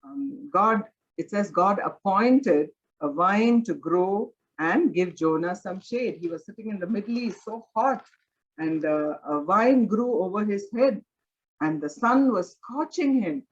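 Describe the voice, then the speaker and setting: A woman's voice: mid-range voice, expressive, unhurried, lo-fi sound. A woman teaching a Bible study in an earnest, conversational way, often using filler words as she explains. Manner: earnest, conversational, many "you know" fillers.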